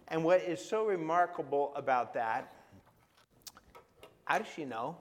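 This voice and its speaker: A man preaching to a congregation, talking through the scripture conversationally and checking in with his listeners. His voice sits slightly high for a man. The sound carries a long reverb from a large church hall. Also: expressive, measured pace, pauses often. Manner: conversational, asks the audience questions. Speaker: pastor. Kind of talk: sermon.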